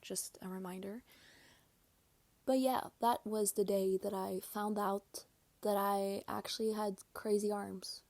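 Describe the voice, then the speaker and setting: In this casual storytelling podcast, the young female host confides her tales while applying makeup, often slipping into a whisper. Her mid-range voice is gravelly and darkish, level in tone and unhurried, with no echo.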